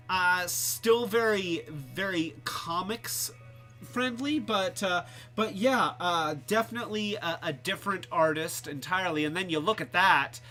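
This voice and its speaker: A man's voice: sits high, bright, forceful tone. A man hosting a casual live-stream toy review, rambling and joking, with lots of restarts and asides. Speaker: host.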